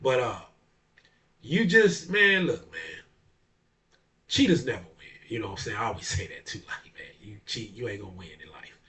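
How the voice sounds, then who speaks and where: Blunt, profane man, bright voice. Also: fairly low pitch, big pitch swings, moderate pace, distant mic. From Chicago area. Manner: blunt, profane, laughs often, repeats "you know what I'm saying". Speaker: barber and DJ hosting a talk video. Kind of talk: casual monologue.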